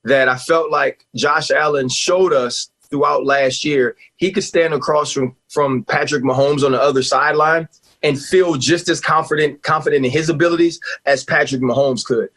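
A man in his forties talking sports on a radio show, emphatic and animated, laughing often. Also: on the high side, normal speed. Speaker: guest analyst, former player.

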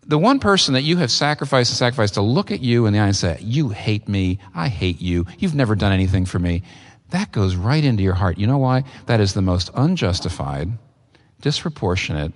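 A man delivers an earnest, emphatic sermon, his voice swinging widely and jumping high at moments of stress. Long reverb from a large church hall trails behind each phrase. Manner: earnest, emphatic, with sudden rises in pitch. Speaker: preacher.

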